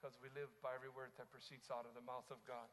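Pastor guy preaching hard, bright edgy voice, big echoey hall. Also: mid-range voice, level tone, quick pace. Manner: impassioned preaching, swings from quiet to shouted cries. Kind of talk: sermon.

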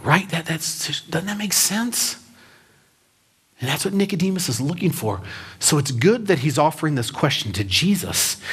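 Husky-voiced man preaching conversationally. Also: mid-range voice. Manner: storytelling, emphatic with rhetorical questions. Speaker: pastor. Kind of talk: conversational sermon. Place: church.

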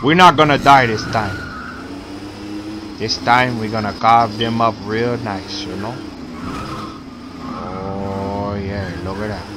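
Over gameplay commentary, a man plays a hot-tempered gangster boss, spitting broken-English, profane threats with bursts of shouting. His voice is fairly low and steady, slow and full of pauses, and the mood is menacing. Background noise runs underneath.

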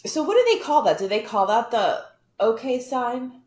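A woman's voice: fairly high pitch, animated, normal speed, darkish tone. A woman co-hosting a podcast, chatting and asking teasing questions. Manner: questioning, teasing, many "like" fillers. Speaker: podcast co-host. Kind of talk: casual chat. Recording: roomy echo.

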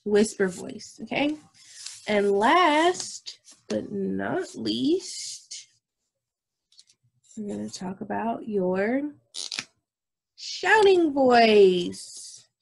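A woman's voice: mid-range voice, animated, vocal fry, slightly rough. A woman music teacher, talking young children through a recorded lesson and checking in with them often. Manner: slow, patient, repeats herself and checks with "okay?"; demonstrates whispering and shouting voices.

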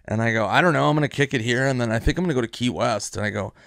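Male comic, mid-pitch, dry close sound, deadpan storyteller. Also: racing, gravelly, no room sound. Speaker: comedian. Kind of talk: anecdote told in casual chat.

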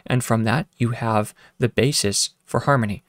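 Speaking at a moderate pace in a slightly bright, mid-range voice, a man leads an informal music lecture with keyboard demos. He thinks out loud, stumbling through fillers and restarts while humming and counting rhythms, and a piano plays in the background.

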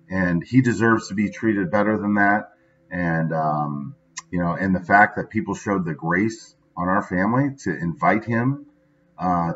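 Male vlogger, conversational, keeps checking in with "right?"; muffled low-fi audio. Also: a bit bright, a little hiss or hum. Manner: chatty, says "right?" often. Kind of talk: casual daily video monologue.

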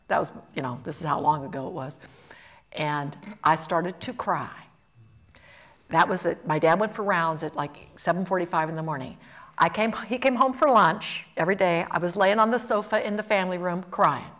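A woman's voice: mid-range voice, animated, moderate pace, fairly bright tone. A woman in her sixties from Mississippi, telling stories animatedly on a college panel and acting out the voices in them. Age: 60s. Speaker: actress on a panel. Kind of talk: anecdotal storytelling. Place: college event hall.

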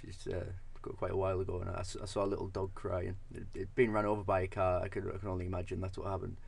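A young man co-hosting a podcast, telling an absurd story in a deadpan way with halting restarts. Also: low-pitched, gravelly, husky. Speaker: podcast co-host.

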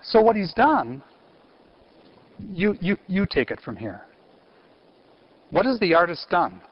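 A man giving a university theology lecture in an animated way, quizzing his audience and restarting phrases. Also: high voice, slow, breathy edge. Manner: animated, asks the audience questions, frequent restarts. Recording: muffled lecture recording.

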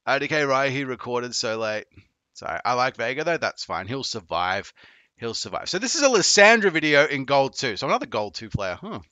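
A man's voice: medium pitch, sing-song, fairly quick, bright, forceful tone, no room sound. Man, casual stream commentary, profane and joking, dry close sound. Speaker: streamer and game coach.

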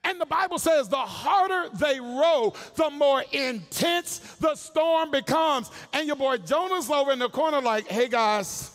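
A man pastor preaching a sermon, slangy, acting out the voices of Bible characters, rising into shouts and sung cadences. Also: extremely high pitch, lively intonation, measured pace, hardly any pauses. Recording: long hall reverb.

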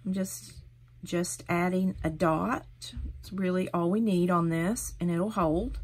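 A woman's voice: on the low side, fairly even intonation, unhurried, slightly rough. Chatty woman demonstrating a craft. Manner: chatty, encouraging, step-by-step. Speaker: crafting tutorial host.

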